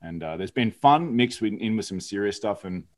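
A man with a fairly low voice, chatting on a podcast. He recounts things in an earnest, reflective way, with a relaxed casual tone. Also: brisk. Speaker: podcast co-host. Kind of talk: casual chat.

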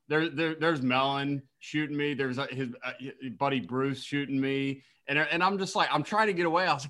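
A man co-hosting a podcast, telling a story in casual chat and acting out quotes with big jumps in his voice. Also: normal speed. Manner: animated, acts out quotes with big pitch jumps. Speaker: podcast co-host.

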